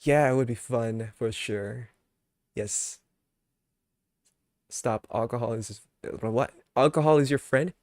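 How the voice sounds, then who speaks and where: A man's voice: medium pitch, slow, long pauses, darkish tone, dry recording, clean studio sound. A young man chatting casually on his live stream, ranting with mock anger at his chat, then laughing and apologizing.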